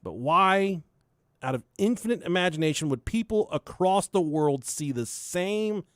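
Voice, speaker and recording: A man's voice: high voice, lively intonation, unhurried, a bit bright, no room sound, clean studio sound. A young man hosting a podcast, telling a story in a loose, profane way and laughing along with it. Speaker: podcast host. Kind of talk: casual storytelling chat.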